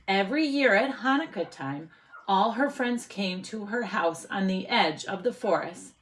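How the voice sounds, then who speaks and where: Expressive teacher reading to children. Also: female voice, mid-range voice, a little slow. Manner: expressive, asks the listening children questions. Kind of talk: picture book read-aloud for children.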